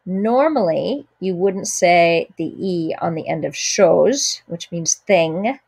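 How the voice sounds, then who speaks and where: A woman teaching a French lesson, explaining pronunciation patiently and slowing down to model each word. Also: lowish voice, expressive, gravelly, a little mellow, husky. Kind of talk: spoken language lesson.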